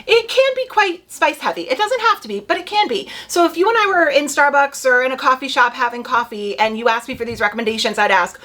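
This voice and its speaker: A young woman chatting casually to camera about book picks, full of quick asides and "like". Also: high-pitched, lively intonation, sharp tone. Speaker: booktube creator.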